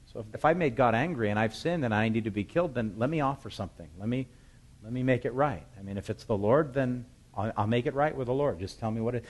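A man's voice: mid-range voice, fast. A man preaching a sermon, retelling scripture and acting out its voices. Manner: acts out scripture voices, shouting the calls across the hills.

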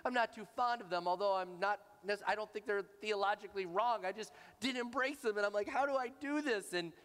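A pastor preaching to a congregation, animated and anecdotal, repeating words for emphasis. His voice sits a touch higher than most men's, and a long reverb hangs behind it from the large hall. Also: fairly quick, clean tone. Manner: animated, repetitive anecdotal delivery. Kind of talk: sermon storytelling.

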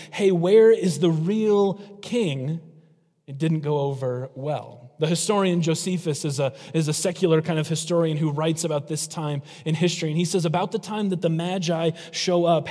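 A man's voice: a little high, a little mellow, long reverb tail. A man preaching a sermon as pastor, emphatic and shifting his pace for effect.

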